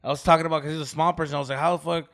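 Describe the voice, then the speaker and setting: A young man casually telling a long story on a podcast, animated and heavy on slang and profanity, acting out what people said. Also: a little high, rapid-fire. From United States. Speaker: podcast co-host.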